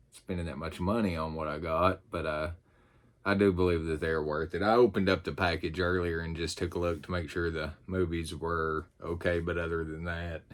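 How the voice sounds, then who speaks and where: A man with a Southern US accent chatting casually and rambling, with many fillers, as he unboxes and talks through his new purchase. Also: low-pitched. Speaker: YouTube host.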